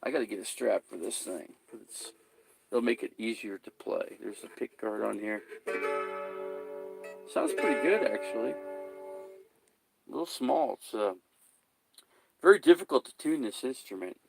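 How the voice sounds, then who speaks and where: Gravelly, agitated man rambling to camera. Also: medium pitch, lively intonation, unhurried, long pauses, faint music behind. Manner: agitated, swears a lot, repeats himself. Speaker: vlogger. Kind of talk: rambling casual vlog.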